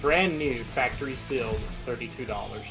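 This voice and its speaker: A man's voice: mid-range voice, moderate pace, rough recording. A man chatting casually on a game stream, asking questions in a laid-back way. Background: game music.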